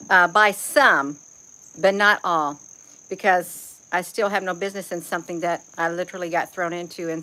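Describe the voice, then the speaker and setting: A woman's voice: mid-range voice, bright, forceful tone, poor audio. Woman rambling to her viewers outdoors, folksy, says you all a lot. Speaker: livestream host reading chat. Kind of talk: casual livestream chat. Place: outdoors among trees.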